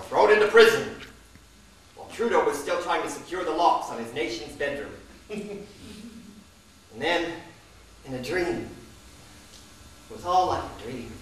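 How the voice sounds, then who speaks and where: A man's voice: mid-range voice, fairly bright tone, a little hiss or hum. Wry man in an echoey hall. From Canada. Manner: wry, theatrical storytelling. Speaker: performer. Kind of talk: theatrical performance monologue. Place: performance space. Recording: very echoey hall, distant mic.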